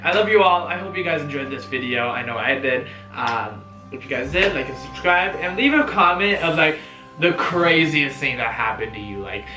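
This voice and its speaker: A young man telling a story-time vlog in a chatty, animated way, full of fillers and swearing. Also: fairly high pitch. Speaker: vlogger. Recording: roomy echo, faint music.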